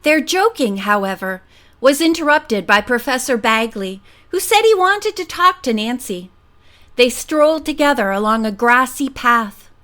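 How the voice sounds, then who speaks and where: High-voiced woman narrating a storybook. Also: lively intonation, unhurried, a bit bright. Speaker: audiobook narrator. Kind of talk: scripted narration.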